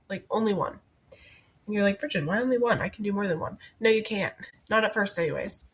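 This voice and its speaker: Woman, 30s, podcast host, husky breathy voice, gentle earnest coaching, faith-based self-help talk. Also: mid-range voice.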